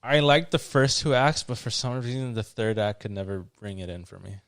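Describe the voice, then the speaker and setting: A man's voice: lowish voice, fairly even intonation, fairly quick, a bit bright, clear, resonant tone, dry recording, studio quality. A man hosting a casual podcast chat, giving blunt opinions and swearing casually. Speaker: podcast host.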